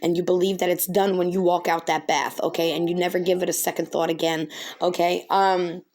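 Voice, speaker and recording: A woman's voice: on the low side, level tone, fairly quick, darkish tone. A woman acting as a spiritual reader, speaking earnestly and reassuringly, often checking in with "okay?". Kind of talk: delivering a spirit message to someone.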